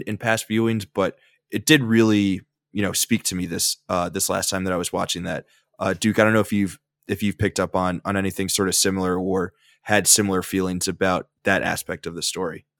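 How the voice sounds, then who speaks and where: A man's voice: deep voice, flat delivery, brisk, fairly bright tone, no room sound, clean studio sound. A man hosting a casual podcast discussion about a film, rambling with fillers and restarts. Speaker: podcast host.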